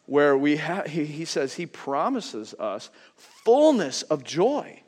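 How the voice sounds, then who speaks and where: Middle-aged male pastor, casual storytelling sermon delivery, high-pitched for a man, long reverb. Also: sing-song, slow pace. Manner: conversational storytelling, swings between quiet asides and loud emphasis.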